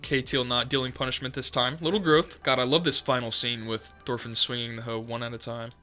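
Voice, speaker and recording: A man's voice: medium pitch, flat delivery, a little fast, pushed and bright, faint music behind. Effusive young man gushing over an episode. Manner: effusive, exclaims often, rambling. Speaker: anime reaction channel host. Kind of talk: excited reaction commentary.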